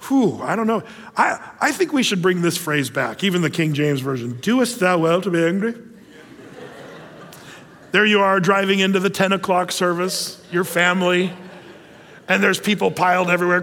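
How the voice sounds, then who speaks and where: A man's voice: high-pitched, bright, forceful tone, in a large hall. A male pastor preaching a sermon in a conversational way, with playful asides and acted-out quotes.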